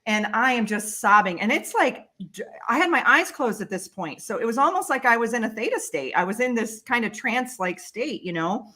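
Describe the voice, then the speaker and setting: A woman, a guest on a talk show, telling a personal story with lively, emotional delivery. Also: fairly high pitch, a little fast. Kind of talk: storytelling in a casual interview.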